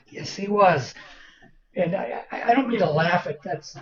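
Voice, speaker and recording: An older author from Boston, Massachusetts tells stories in an interview, animated and anecdotal, acting out the people he quotes. His voice is slightly high and slow. The lo-fi sound is distant and roomy with a crowd behind.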